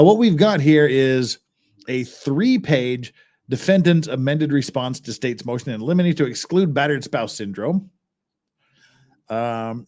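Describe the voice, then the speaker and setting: A man's voice: medium pitch, a little mellow. A man hosting a livestream, chatting casually and thinking aloud as he goes through documents. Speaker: livestream host.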